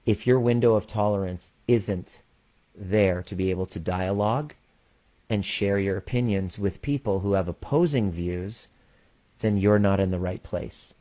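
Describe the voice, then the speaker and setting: A man with a very low voice speaks candidly to his community, telling a story in plain words and swearing freely. He slows down to stress his main points, like a coach talking straight to his members. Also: dark tone. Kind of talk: personal story and address to a community.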